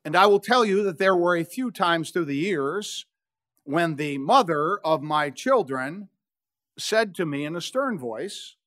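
A man in his sixties, a pastor preaching a sermon, telling the story with dramatic pauses and touches of humor. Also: on the high side, animated, fairly bright tone.

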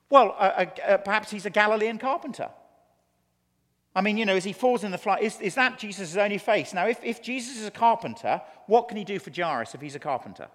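A man with an English accent preaching a conference sermon, telling stories and acting out quotes in an animated way. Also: sits high. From England. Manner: animated, storytelling with acted quotes. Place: large conference hall. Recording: long hall reverb.

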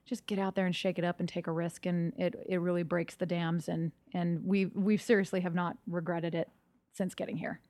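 A woman's voice: lowish voice, steady tone, moderate pace, dry recording. A woman voice teacher, a guest on a podcast in a music studio, chatting in a bubbly way and laughing easily. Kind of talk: casual interview chat.

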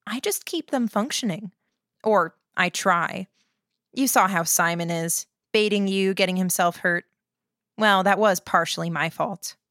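A woman voicing a calm, clinical young woman medic who speaks in a flat, detached way. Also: mid-range voice, unhurried, dry recording, clean studio sound, close to an everyday voice. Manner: flat, textbook-reciting delivery.

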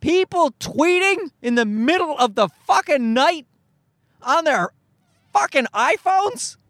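Guy ranting alone on his podcast, really high voice, swears a lot, dry close sound. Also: expressive, slow pace, fairly bright tone, dry recording. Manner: exasperated, profane, rambling. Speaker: podcast host. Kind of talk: solo podcast rant. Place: recorded at home at night.

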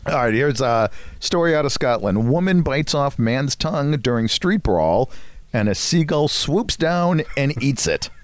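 A chatty man co-hosts a casual podcast, laughing through his stories. His pitch jumps around lively. The sound is dry and close. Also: no echo. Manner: chatty, laughs a lot, quick asides. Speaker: podcast co-host. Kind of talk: casual chat.

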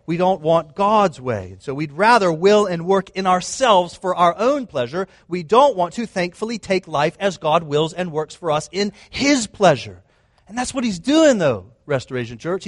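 A man's voice: sits high, no room sound. A man preaching a sermon in an earnest, emphatic way, often restating his points. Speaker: pastor.

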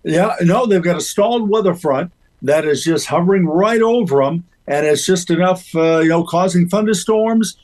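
A man's voice: sits high, normal speed, darkish tone, low-quality recording. A man giving a casual weather report on a radio show, easygoing and full of filler words. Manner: easygoing, filler-heavy delivery. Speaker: weather forecaster.

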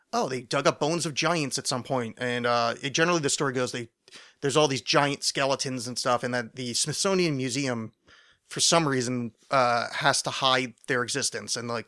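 A man's voice: medium pitch, pushed and bright. A man hosting a solo podcast, rambling in a loose monologue with many fillers, restarts and frequent swearing. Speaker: podcast host.

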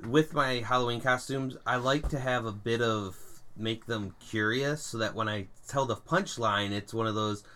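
A young man co-hosting a podcast, chatting casually and telling animated stories with puns. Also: medium pitch, normal speed. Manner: animated storyteller, puns, laughs at own jokes. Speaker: podcast co-host. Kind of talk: casual chat.

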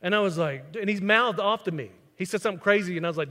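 High-voiced pastor preaching in a hall. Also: male voice, rapid-fire, few pauses, fairly bright tone. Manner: storytelling, acts out quoted voices. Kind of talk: sermon. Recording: long reverb of a large hall.

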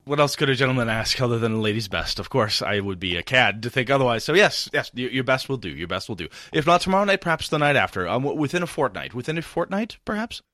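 A man voicing a flustered, over-polite gentleman who stammers and fawns over an old lady. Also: mid-range voice, big pitch swings, fast, hardly any pauses, dry recording, studio quality. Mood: courtly.

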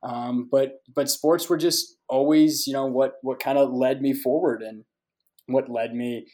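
A man's voice: medium pitch, steady tone, unhurried, darkish tone. A young man from Canada, a podcast guest, talking in a friendly, rambling way with many restarts. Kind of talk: casual interview talk.

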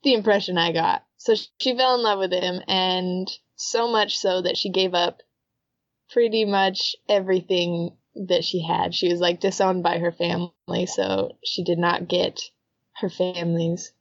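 A woman's voice: lowish voice, fairly even intonation, unhurried, no room sound, highs cut off. A woman co-hosting a podcast, chatting casually and recapping a story at length, laughing often. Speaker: podcast co-host. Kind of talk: casual chat.

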